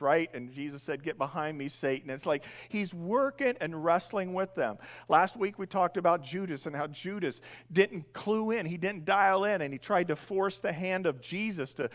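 A middle-aged man preaches with a notably high voice. He delivers the sermon animatedly, slipping into the voices of the people in the story as he goes. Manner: animated, acts out the disciples' voices. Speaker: pastor.

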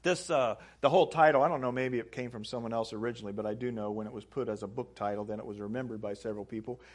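A man's voice: medium pitch, rapid-fire. A man preaching a sermon, reading aloud from a book and stressing phrases with rising emphasis. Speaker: pastor. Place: church sanctuary.

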